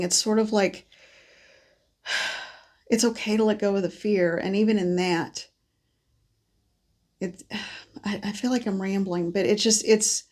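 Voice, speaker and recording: A woman psychic card reader delivering a gentle, meandering spiritual message monologue, congested from allergies, with many pauses and restarts. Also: medium pitch.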